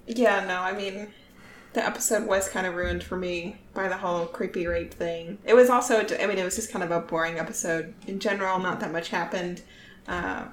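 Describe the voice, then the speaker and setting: Brief: woman, lowish voice, earnest and critical, roomy echo and faint hiss. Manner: earnest and disapproving. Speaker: podcast co-host. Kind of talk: casual discussion.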